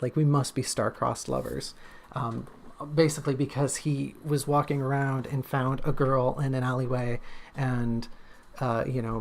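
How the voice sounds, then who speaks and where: A man's voice: mid-range voice, creaky, darkish tone. A man, an author and streamer, chatting casually on a livestream in a rambling, joking, self-deprecating way.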